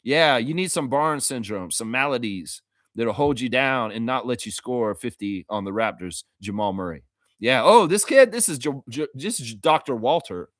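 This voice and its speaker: A man hosting a casual live-stream sports show for fans, reading chat comments aloud, animated and profane, laughing often. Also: medium pitch, moderate pace, no room sound, studio quality. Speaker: fan show host.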